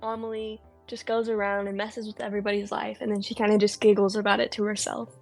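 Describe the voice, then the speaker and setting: A woman's voice: mid-range voice, little pitch movement, fast talker, creaky, a little mellow, soft background music. Chatty woman gushing about a film. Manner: enthusiastic, chatty, lots of ums. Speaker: podcast co-host. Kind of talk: casual film discussion.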